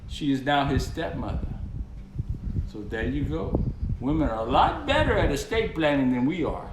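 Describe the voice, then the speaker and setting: A man's voice: medium pitch, very animated, moderate pace. A man with a Cajun accent hosting a cooking video, telling folksy jokes as he cooks. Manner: folksy, joking storyteller. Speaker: cooking show host. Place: home kitchen. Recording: echoey kitchen, faint background hum.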